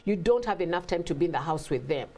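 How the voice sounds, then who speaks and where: A woman guest in a casual talk, telling stories with lively acted-out quotes and frequent laughter. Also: lowish voice, quick pace. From Africa. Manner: animated storytelling, acts out quotes, laughs often. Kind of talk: casual conversation.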